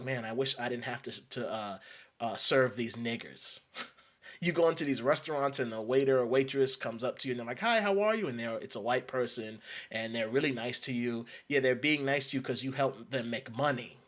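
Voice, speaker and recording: A man's voice: mid-range voice, fairly bright tone. Emphatic man from New York ranting. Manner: emphatic, repetitive, restarts phrases. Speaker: commentator. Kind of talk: ranting video monologue.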